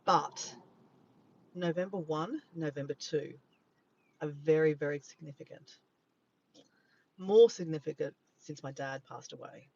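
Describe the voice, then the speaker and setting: A man's voice: fairly high pitch, unhurried, gravelly, pauses often, a little mellow, lo-fi sound. Chatty Australian man vlogging from his car. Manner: chatty, rambling, easily sidetracked. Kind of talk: casual livestream chat. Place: parked car by the beach, early morning. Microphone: handheld phone camera.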